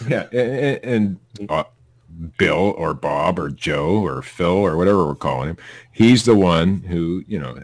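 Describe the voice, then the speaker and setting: A man's voice: low-pitched, lively intonation, measured pace, no echo. A man hosting a casual podcast, reading news stories aloud with blunt, profane, sarcastic asides.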